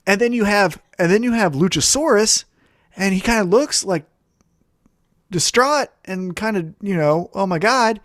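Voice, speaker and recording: A man co-hosting a casual podcast, spinning an animated story and acting out quoted lines as he goes. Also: high voice, unhurried, dry recording, studio quality. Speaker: podcast co-host. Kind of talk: casual wrestling podcast chat.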